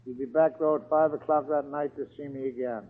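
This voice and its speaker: A man's voice: mid-range voice, steady tone, brisk. An older man telling his recovery story as an AA speaker, earthy and storytelling, acting out the dialogue. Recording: tinny lo-fi archive recording.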